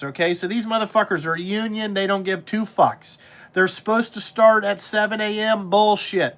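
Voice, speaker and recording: A man's voice: high-pitched, fairly bright tone. A middle-aged man, ranting bluntly and profanely in casual podcast talk about his trucking trade. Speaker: podcast host, trucking business owner.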